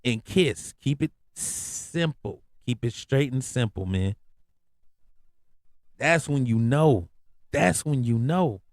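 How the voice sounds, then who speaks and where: A man's voice: mid-range voice, lively intonation, slow pace, no room sound, clean studio sound. A man hosting a podcast, telling a story in a casual, laid-back way, full of slang and repeated phrases. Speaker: podcast host.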